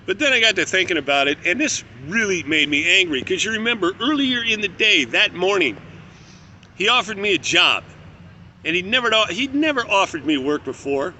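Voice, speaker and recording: Male storyteller, high-pitched, very sharp, bright tone; candid and profane, casual delivery. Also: very animated, normal speed, a little hiss or hum.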